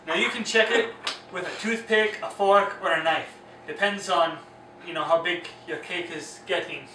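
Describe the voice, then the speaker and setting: A man's voice: high-pitched, moderate pace, pushed and bright, a little hiss or hum. A man co-hosting a casual comedic cooking show, teasing and playful as he walks through the steps. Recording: echoey kitchen, distant mic, music.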